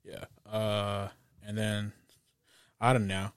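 A man's voice: fairly low pitch, flat delivery, slow, clear, resonant tone, dry recording, studio quality. A man co-hosting a casual film-review podcast, rambling with lots of fillers and restarts. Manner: rambling, filler-heavy, does goofy quote voices. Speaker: podcast co-host.

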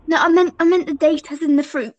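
A woman's voice: high voice, fairly even intonation, quick pace, muffled recording. A young woman chatting casually as a podcast co-host, rambling and giggly, stringing her thoughts together with "and then". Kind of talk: casual fan chat over a call.

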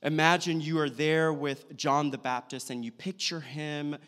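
A man, a pastor, preaching a sermon with a measured delivery and slow, deliberate emphasis. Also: fairly high pitch, little pitch movement, a bit bright. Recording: long hall reverb.

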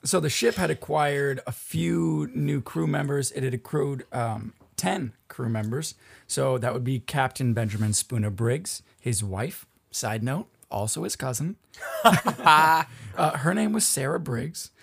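A man's voice: mid-range voice, a little slow, creaky, husky. A man hosting a casual podcast, telling a history story and laughing often as he goes. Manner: laughs often while narrating.

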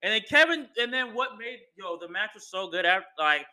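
A man hosting a podcast, giving a casual, profane, slang-filled and excitable recap of a wrestling match. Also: sits high, a little fast. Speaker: podcast host.

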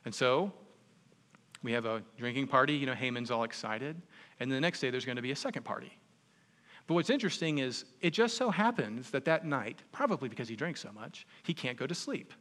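A man preaching a sermon, retelling a story in an animated, conversational way. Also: mid-range voice, moderate pace. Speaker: pastor. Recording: long reverb in a large hall.

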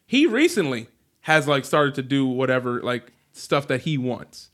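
A man's voice: medium pitch, unhurried. A man co-hosting a podcast, chatting casually and rambling with frequent laughs. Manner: rambling, animated, laughs often. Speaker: podcast co-host. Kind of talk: casual chat.

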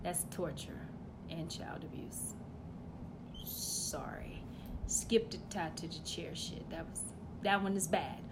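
A woman delivering a profane comedic rant, loud and blunt, swinging between shouting and muttering asides. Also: on the low side, slow pace, heavy background noise.

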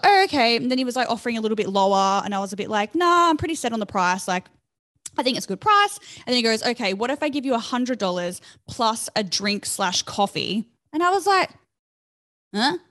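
A young woman hosting a podcast, telling a story in a chatty, animated way with lots of fillers. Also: mid-range voice, dry recording. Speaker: podcast host. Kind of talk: casual chat.

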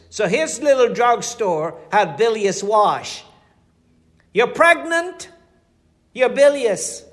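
Middle-aged male pastor, high-pitched, homespun preaching style. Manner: folksy storytelling with scripture quotes. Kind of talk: preaching a sermon.

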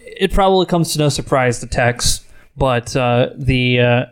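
A man's voice: mid-range voice, measured pace, smooth. A young man on a podcast, opinionated and swearing freely in casual chat. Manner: opinionated, profane.

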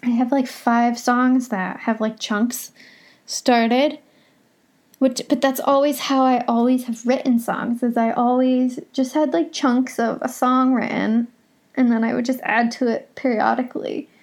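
Gravelly young woman, emotional podcast host. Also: on the high side, fairly even intonation, a little slow, darkish tone. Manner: rambling, emotional and confessional. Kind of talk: solo podcast monologue. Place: home.

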